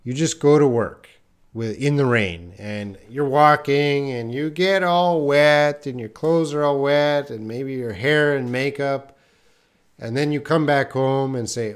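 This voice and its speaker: A man with a clear, resonant, medium-pitched voice teaches English on a live stream, speaking slowly. He reads out viewers' names, comments and questions, thinking aloud with plenty of "uh" fillers.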